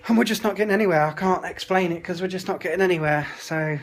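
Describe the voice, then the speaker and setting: A man's voice: high-pitched, quick pace, a little hiss or hum. Chatty man vlogging at home. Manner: chatty, grumbling, indignant asides. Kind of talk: casual vlog chat. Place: family home. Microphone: phone held at arm's length.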